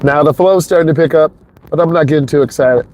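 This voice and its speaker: A driving instructor chats casually with the viewer while driving on an expressway, rambling as he goes. His voice sits on the high side with a darkish tone, and he talks fast. The audio comes from a wireless clip-on mic inside the car feeding into a phone.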